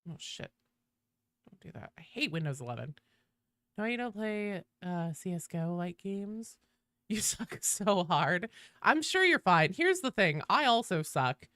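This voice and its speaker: A woman streamer chatting casually with her viewers while gaming. She swears freely and greets people in a high sing-song. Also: sing-song, a little slow, a bit bright, dry recording. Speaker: game streamer.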